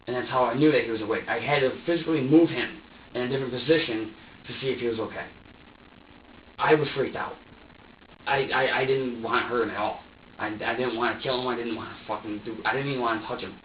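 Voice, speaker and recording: A man's voice: mid-range voice, steady tone, fast talker, a little hiss or hum. A man under police questioning who gives a rambling, profane account full of restarts and acts out what he was thinking. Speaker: suspect being questioned. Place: interrogation room. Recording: distant, echoey, dull room recording.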